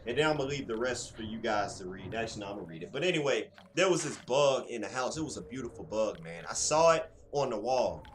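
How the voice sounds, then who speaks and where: A man reading game text aloud, then breaking off into rambling, slangy commentary that grows louder when he gets excited. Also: mid-range voice, quick pace, few pauses. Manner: rambling and talkative, slangy asides. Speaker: gaming channel host.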